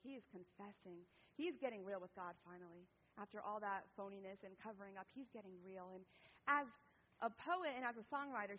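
A woman in her thirties giving a sermon, telling a family story in an animated way, then reading scripture. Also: a little high. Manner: animated storytelling, with lively quoted voices and laughter. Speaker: preacher. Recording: dull recording with long hall reverb.

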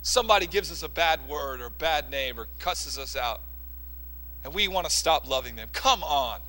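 A male preacher with a high, very bright voice delivers a sermon. He is emphatic and punchy, throwing out questions and answering them himself. His tone has a sharp, forceful edge. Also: expressive, normal speed. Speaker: pastor.

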